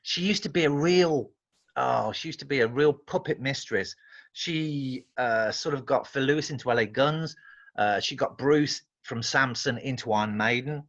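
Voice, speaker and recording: An English man, a guest musician, telling animated, rambling anecdotes in casual chat, often restarting his sentences. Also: medium pitch, normal speed, dull audio.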